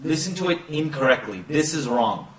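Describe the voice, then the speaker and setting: A man's voice: on the high side, lively intonation, a bit bright, reverberant, far from the mic. A man teaching pronunciation of a recited text, drawing out each syllable and chanting phrases as he demonstrates. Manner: slow drawn-out demonstration of sounds, chanting recitation. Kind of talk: pronunciation lesson.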